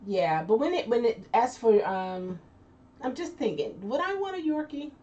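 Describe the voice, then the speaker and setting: A woman hosts a casual live chat, reading viewer comments in a loose, chatty way, laughing often and trailing off into restarts. Her voice is fairly high, very animated and warm, at a moderate pace. She's on a distant lo-fi mic with faint noise.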